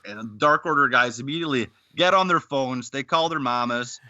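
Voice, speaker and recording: A man's voice: mid-range voice, normal speed, few pauses, sharp tone, no room sound, dull audio. A man from Canada hosting a casual podcast, retelling scenes and quoting lines with frequent laughs. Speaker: podcast host.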